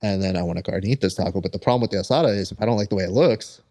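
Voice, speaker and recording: Animated man telling stories casually. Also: lowish voice, very fast. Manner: animated storyteller who acts out quoted people. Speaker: podcast host. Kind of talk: casual chat.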